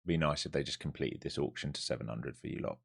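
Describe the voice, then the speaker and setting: Low gravelly man. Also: quick pace. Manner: thinks aloud to viewers while watching charts, blunt and profane. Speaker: live-streaming day trader. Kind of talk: live trading commentary.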